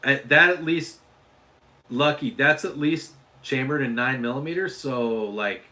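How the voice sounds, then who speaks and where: Man, from Utah, livestream host, casual chat, rambling, repeats words, bright voice, middle pitch. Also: measured pace. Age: adult father.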